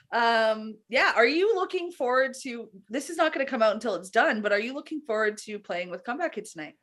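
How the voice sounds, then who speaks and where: An upbeat woman co-hosting a podcast, reacting quickly and warmly to her guests. Her voice sits a little high. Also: lively intonation. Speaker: podcast co-host. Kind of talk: casual chat.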